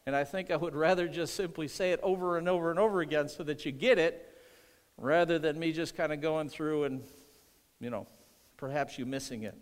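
Earnest pastor preaching in a hall. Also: male voice, on the high side, brisk. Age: middle-aged. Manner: earnest, repeats phrases, asks for amens. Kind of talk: sermon.

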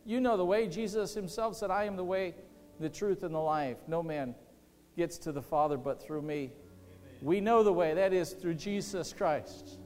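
A fairly high-voiced male pastor preaching an impassioned sermon. He swings between loud, excited outbursts and quiet, tender passages. His voice rings out through a long, reverberant church hall. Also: normal speed.

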